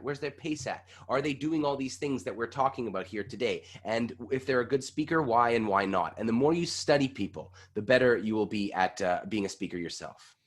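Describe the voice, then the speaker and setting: A man coaching a vocal warm-up over a video call, with energetic demonstrations that sometimes get loud. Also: mid-range voice. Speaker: pitch coach. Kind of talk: online voice workshop.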